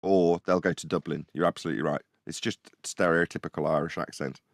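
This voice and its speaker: A man's voice: low voice, fairly even intonation, fast talker, no room sound, clean studio sound. A man with a Birmingham accent joking and cutting in during a casual online debate chat. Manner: interrupting, joking.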